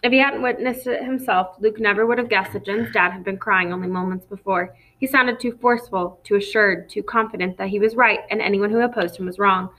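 A woman narrating an audiobook chapter in a steady, measured storytelling manner. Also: medium pitch, slight background noise, poor audio. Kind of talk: scripted narration.

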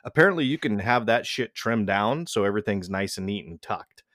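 A man's voice: on the low side, animated, brisk, a bit bright, no echo, studio quality. A young man telling a crude story in casual banter, rambling and restarting often. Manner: rambling, profane, many restarts.

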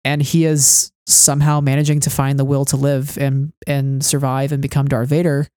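A woman's voice: a bass voice, level tone, moderate pace, dark tone, no echo, studio quality. A woman co-hosting a casual fan podcast, talking things through thoughtfully with many fillers. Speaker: podcast co-host.

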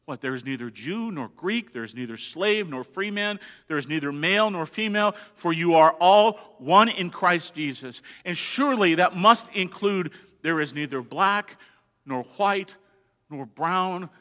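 A man preaching a sermon as a pastor, swinging between hushed, quiet stretches and emphatic passages. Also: high-pitched, lively intonation, a little slow. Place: church sanctuary. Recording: long reverb of a large hall.

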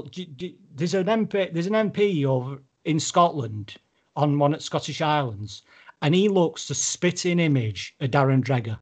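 A man's voice: mid-range voice, a little slow, darkish tone. A British man hosting a podcast in casual chat, swearing freely and breaking into playful accent impressions. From Britain. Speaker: podcast host.

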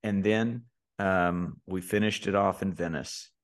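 A man, co-hosting a podcast and telling a story in a relaxed way, with lots of fillers and restarts. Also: sits low, unhurried. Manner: laid-back storyteller, many fillers and restarts. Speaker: podcast co-host. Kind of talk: casual podcast chat.

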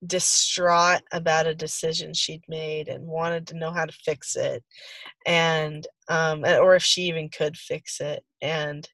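A woman's voice: on the low side, a bit bright, no echo. A woman who is a foster parent, talking about her experiences in a casual, earnest podcast conversation. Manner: earnest, heartfelt storytelling.

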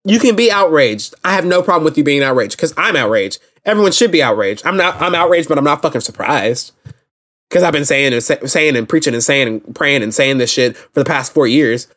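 A man's voice: fairly high pitch, animated, fairly quick, fairly bright tone. A young man hosting a solo podcast, ranting in a blunt, impassioned and profane way. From United States. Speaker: podcast host.

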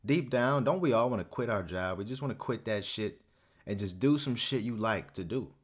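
A man's voice: on the low side, expressive, normal speed. A young man hosting a solo podcast, ranting casually in a profane, swaggering, rambling way. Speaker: podcast host.

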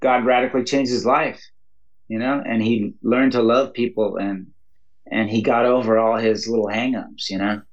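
A man's voice: mid-range voice, moderate pace, dull audio. A man, a pastor and mission leader, telling stories in a casual interview, often adding "you know" and laughing as he goes. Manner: animated storytelling, frequent "you know" and laughs.

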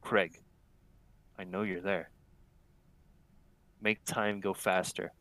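A man's voice: low voice, flat delivery, takes it slowly, pushed and bright, dry recording. A young man co-hosting a podcast who chats in a playful, jokey way and laughs easily. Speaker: podcast co-host. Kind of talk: casual podcast chat.

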